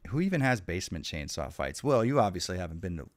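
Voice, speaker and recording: This young man's live horror-game stream is full of excited cursing and joking insults aimed at the enemies. His voice is low and fast, and the sound has no echo.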